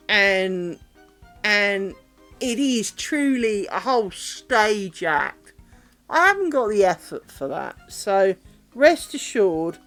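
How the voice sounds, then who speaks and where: A woman's voice: medium pitch, fairly bright tone. A British woman streaming her craft work, chatting candidly and rambling, with a self-deprecating streak and the odd swear word. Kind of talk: casual chat. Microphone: streaming mic.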